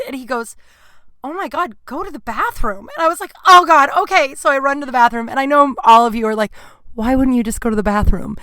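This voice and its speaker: A young adult woman with a fairly high, smooth voice tells a frank, swear-filled story in an animated, rambling way. She speaks close to the mic in a dry, dead room, as a comedian hosting her own podcast. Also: fast talker, no room sound. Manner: candid, profane, animated, lots of fillers. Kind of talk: casual storytelling.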